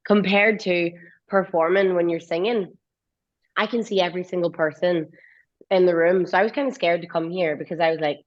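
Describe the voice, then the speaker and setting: A woman's voice: lowish voice, steady tone, brisk, muffled recording. A woman with an Irish accent, chatting bubbly and casually as a guest and laughing often. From Ireland. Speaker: guest singer. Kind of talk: casual interview chat.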